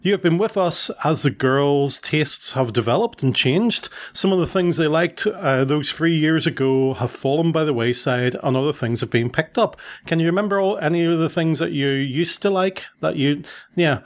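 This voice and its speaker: A man's voice: on the high side, normal speed. Middle-aged man, podcast host, loose and playful, often stops to correct himself. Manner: rambling, self-correcting, playful. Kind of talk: casual family podcast chat.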